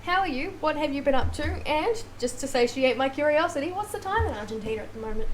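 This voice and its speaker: A woman's voice: high-pitched, expressive, fast, hardly any pauses. An Australian woman streaming a game, chatting casually and greeting her viewers. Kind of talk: casual live-stream chat.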